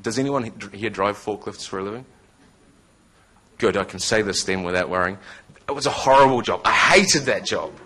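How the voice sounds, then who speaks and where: A man's voice: on the low side, moderate pace, sharp tone, husky. A man in his thirties, born in Scotland, with a New Zealand accent, giving a conversational testimony talk to a live audience with jokey asides. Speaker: speaker.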